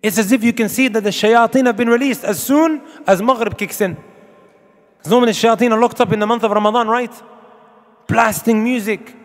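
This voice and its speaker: A man's voice: extremely high pitch, brisk, in a large hall. A man preaching a sermon to an audience, emphatic and full of rhetorical questions, with Arabic quotations. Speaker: Islamic preacher.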